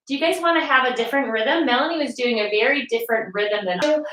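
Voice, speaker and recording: A woman with a slightly high voice teaching a family yoga class from her couch at home. She talks to children in a patient, encouraging way. The room is echoey. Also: quick pace, hardly any pauses, heavy background noise. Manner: patient, encouraging, speaks to kids.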